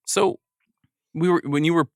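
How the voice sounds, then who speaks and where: A man's voice: a little high, moderate pace, dry recording, studio quality. A man hosting a podcast, chatting casually and joking with his guests. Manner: lively, joking. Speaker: podcast host. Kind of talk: casual chat.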